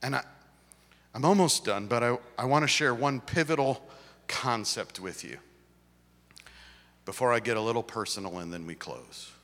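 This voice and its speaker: Male pastor, sermon, bright gravelly voice, big swings from loud to hushed, long church reverb. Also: medium pitch, animated, moderate pace, long pauses. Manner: dramatic swings from loud emphasis to near-whisper. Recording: reverberant hall.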